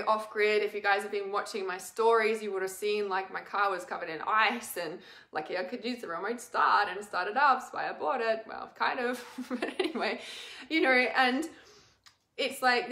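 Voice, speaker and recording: A woman's voice: mid-range voice, fairly bright tone. A woman talking casually to her viewers in a rambling, emotional way, full of fillers. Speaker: spiritual vlogger. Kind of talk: casual confessional talk to camera. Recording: echoey room.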